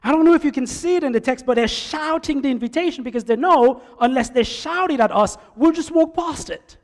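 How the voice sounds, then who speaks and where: A man preaching a sermon in a church, animated, swinging between loud calls and soft asides. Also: extremely high pitch, fairly quick. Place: church sanctuary. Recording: echoey church hall.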